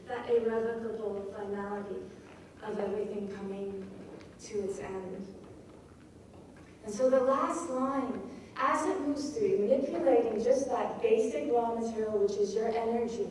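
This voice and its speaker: A woman giving a lecture on poetry, reading lines aloud with expressive emphasis. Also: fairly high pitch, recorded from a distance, a little hiss or hum. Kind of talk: lecture on poetic rhythm. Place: lecture hall at a festival. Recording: echoey hall, recorded from afar.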